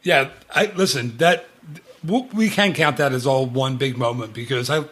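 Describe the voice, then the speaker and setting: A man's voice: medium pitch, moderate pace, fairly bright tone. A middle-aged man hosting a casual podcast chat, laughing often as he talks. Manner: laughs often while talking. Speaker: podcast host.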